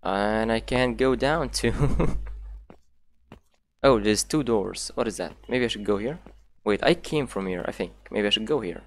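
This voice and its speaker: A man's voice: fairly low pitch, expressive, measured pace. A man commentating as he plays a horror game, thinking aloud, talking to himself and swearing often, with phrasing. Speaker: gameplay commentator. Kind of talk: let's play commentary.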